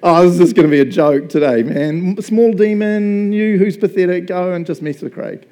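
A man's voice: high voice, normal speed, warm tone, voice pushed up, natural voice. A man voicing a mocking, scheming male devil who taunts in swaggering slang. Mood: gleeful.

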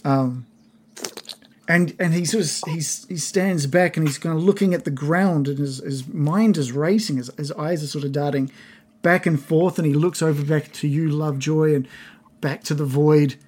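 A man's voice: a little high, normal speed, darkish tone, husky. A man running a tabletop game as game master, narrating in a rambling way. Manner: rambling, full of fillers and restarts.

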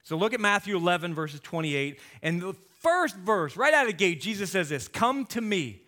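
Male pastor, sermon delivery, lively and jokey, bright voice. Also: sits high, normal speed. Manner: animated, jokey, rising loud for emphasis.

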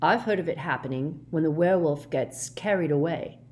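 Nervous gangly schoolboy, read by a woman, low and exclamatory. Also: normal speed, darkish tone, slight background noise, lightly acted. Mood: jittery.

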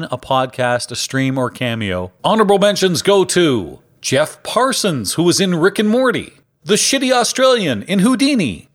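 Man hosting a mock awards show. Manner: playful salesman pitch. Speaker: podcast co-host.

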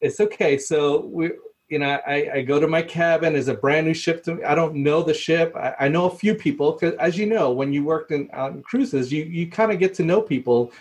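A man's voice: a little high, normal speed, a little mellow. Chatty man telling a story. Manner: chatty, laughs often, acts out quoted people. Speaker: podcast guest, former cruise ship purser. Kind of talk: casual storytelling.

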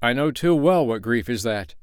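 A man's voice: medium pitch, animated, moderate pace, smooth, no echo, clean studio sound, lightly acted. A man reading the part of a humble, brave peasant father mourning his lost child. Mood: earnest.

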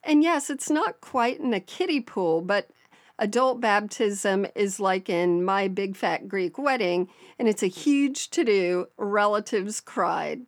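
A woman's voice: medium pitch, expressive, slow, no echo, studio quality. A woman co-hosting a podcast, telling a listener's story in a chatty, storytelling way with frequent laughs. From American South. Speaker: podcast co-host. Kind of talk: casual podcast chat, reading a listener story.

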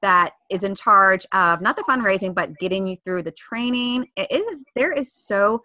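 Bright-voiced chatty Maryland woman. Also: mid-range voice, lively intonation, moderate pace, no echo. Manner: chatty, hops between topics, apologizes often. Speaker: podcast co-host. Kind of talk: casual chat.

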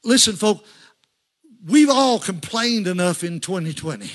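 A man's voice: sits high, animated, unhurried. A man preaching a sermon, telling folksy stories and rising to fervent calls to the congregation.

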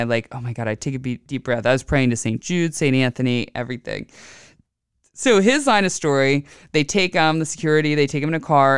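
A woman host telling a story in a very smooth, clean, resonant voice. She is lively and theatrical, with sudden leaps up in pitch when she acts out what others said. The recording is close and dry, with no room sound. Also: no echo. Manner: animated, acts out others' lines with big pitch jumps. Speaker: astrology podcast host. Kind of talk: casual personal storytelling. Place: home.

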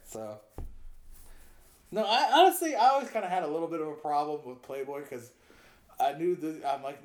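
A man's voice: a little high, sing-song, normal speed, long pauses, a little mellow, roomy sound. A man co-hosting a casual chat, rambling and doubling back as he tells stories. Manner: rambling, self-interrupting storyteller. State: coughing. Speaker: podcast co-host.

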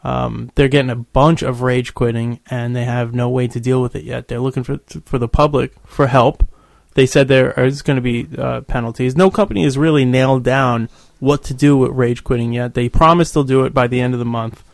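A man's voice: medium pitch, fairly even intonation, brisk, creaky, hardly any pauses, no room sound. A man hosting a casual gaming podcast, laid-back and jokey. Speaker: podcast host.

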